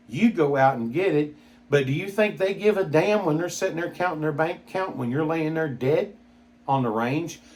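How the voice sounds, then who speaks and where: A middle-aged man hosting a gun channel, giving a blunt, exasperated opinionated monologue with mild swearing. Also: fairly high pitch.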